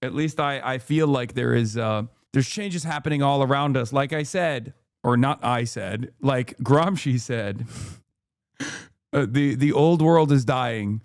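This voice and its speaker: An American man doing live political commentary on a stream, talking fast, sarcastically and with heavy swearing. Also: mid-range voice, no echo, clean studio sound. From United States. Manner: sarcastic, fast, profane ranting.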